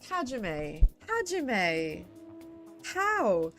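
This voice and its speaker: A woman VTuber giving excitable, playful game commentary from her home gaming corner, swearing freely. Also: medium pitch, unhurried, soft background music. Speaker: VTuber streamer.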